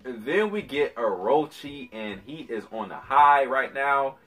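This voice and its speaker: Husky, slangy man reviewing anime. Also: medium pitch, a little slow, faint music behind. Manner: animated, slangy and profane. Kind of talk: casual review vlog.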